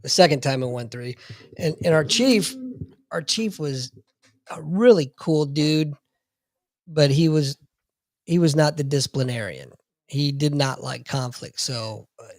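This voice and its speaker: Brief: male co-host, military veteran, profane and laughing, somewhat high voice. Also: unhurried, long pauses, darkish tone, no echo, studio quality. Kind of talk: casual storytelling chat.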